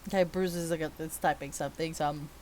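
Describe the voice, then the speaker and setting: A woman's voice: low-pitched, steady tone, fast talker, a little mellow. A woman narrating a tabletop game as game master, in a casual, filler-heavy way.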